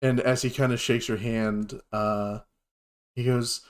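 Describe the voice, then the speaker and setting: A man narrating as game master of a tabletop role-playing game, relaxed and full of fillers. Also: medium pitch, slow pace.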